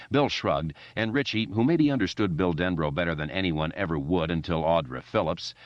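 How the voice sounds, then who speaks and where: A man narrating a novel as an audiobook reader, expressive and doing voices for the characters. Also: low voice, no echo, muffled recording. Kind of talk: scripted narration.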